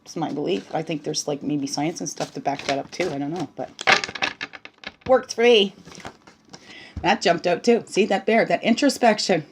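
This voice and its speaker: A woman giving a casual spiritual talk while reading oracle cards, bubbly and chatty, often tagging on "right?" and slipping into soft, hushed asides. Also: fairly low pitch, moderate pace, long pauses, noisy background. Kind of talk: casual spiritual teaching monologue.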